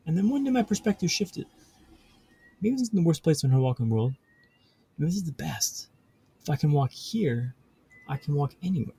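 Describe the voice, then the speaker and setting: A man with a gravelly, deep, dark voice and a husky edge tells a story as a podcast guest. He builds his story through rhythmic repetition and dry humor, in a close, dry recording. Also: lively intonation, fairly quick, no echo.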